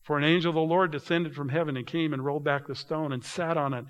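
A man preaching a sermon to a congregation, reading scripture aloud, calling them "you guys", and swinging between quiet, drawn-out asides and loud, emphatic passages. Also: a little high, fairly even intonation. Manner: addresses the congregation directly, often saying "you guys". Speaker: pastor.

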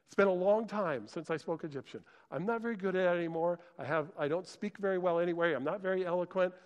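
A man's voice: high-pitched, fast talker, long reverb tail, lightly acted. A man voicing Moses as a hesitant, self-doubting older man, pleading and anxious.

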